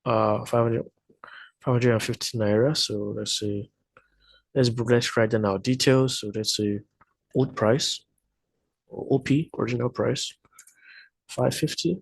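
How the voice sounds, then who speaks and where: Husky man working through sums. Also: medium pitch, steady tone, a little slow, pauses often, no echo, rough recording. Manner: thinking aloud, hesitant, self-correcting. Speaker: math tutor. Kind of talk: explaining math problems step by step.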